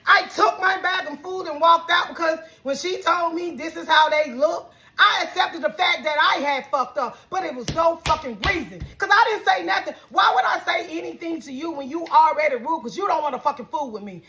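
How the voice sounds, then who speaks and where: A woman's voice: very high-pitched, a little fast, pushed and bright. A woman, telling an angry story about bad customer service. She swears heavily and acts out both sides of the argument. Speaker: vlogger.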